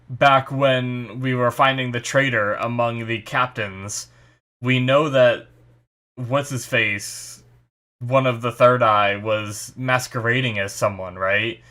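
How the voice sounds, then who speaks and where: Young guy rambling thru his theories solo, lots of um and you know, mid-pitched everyday voice. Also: fairly bright tone. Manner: rambling, many fillers and restarts, speculative. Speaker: anime reaction host. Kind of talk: casual solo commentary.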